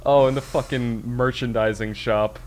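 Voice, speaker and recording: A man co-hosting a podcast in casual chat, telling comedy sketches in an animated way. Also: medium pitch, moderate pace, a little hiss or hum. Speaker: podcast co-host.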